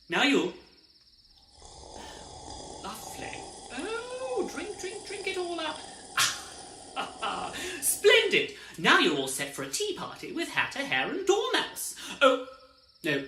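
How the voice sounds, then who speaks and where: A woman's voice: low voice, sharp tone. A woman telling an interactive children's story in a playful, theatrical way, often addressing the listener directly. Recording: roomy echo with music behind.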